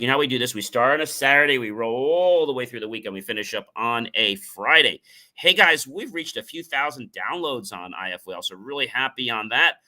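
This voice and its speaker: A middle-aged man hosts a motivational talk show in a sharp, ringing voice of medium pitch. He speaks with energy and repeats key phrases for emphasis. Now and then he acts out examples of different tones of voice.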